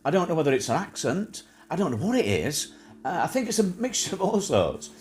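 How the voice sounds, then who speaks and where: A man's voice: a little high, sing-song, brisk, darkish tone. A man hosting a live stream, rambling and mocking in a casual comic chat. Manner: rambling, mocking, playful put-on voices.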